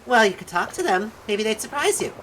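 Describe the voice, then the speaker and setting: A woman's voice: fairly high pitch, very animated, fairly quick, a bit bright, a little hiss or hum. A woman reading the lines of a polite, curious young heroine in a game, in a voice close to her own. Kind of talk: reading game dialogue aloud.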